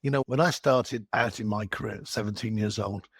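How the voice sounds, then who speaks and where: A man's voice: on the low side, fairly quick, a bit bright, breathy edge, dry recording. An English man telling stories as a guest on an interview podcast. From England. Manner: anecdotal storytelling.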